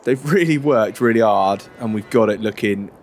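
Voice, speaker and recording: A man, chatting in a relaxed, rambling way during a farming game roleplay. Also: lowish voice, normal speed. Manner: relaxed, chatty, many fillers and restarts. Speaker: roleplay creator.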